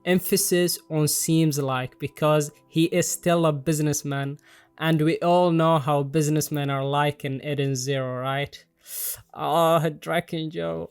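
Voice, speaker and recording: Young male reviewer with a slightly high voice, loose and jokey, over faint background music. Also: unhurried, smooth, dry recording. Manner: excitable, jokey, swears freely, self-deprecating. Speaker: manga reviewer. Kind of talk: casual commentary.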